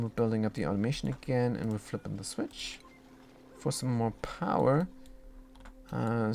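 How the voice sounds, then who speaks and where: A man's voice: on the low side, creaky, darkish tone, slight background noise. A man from Germany with a German accent, talking through his gameplay as a streamer in a casual, rambling way with many ums.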